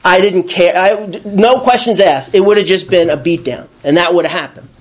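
Recounting his own recovery at a moderate pace, a man speaks in a strikingly high voice. The telling wanders, with stumbles, restarts and repeated words, and he animates it by reenacting his shouting.

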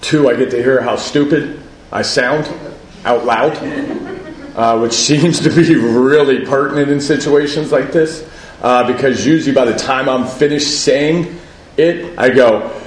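A man's voice: medium pitch, a little slow, reverberant, a crowd in the background, poor audio. A man giving a personal share at a recovery meeting, conversational, often asking "right?" and laughing at himself.

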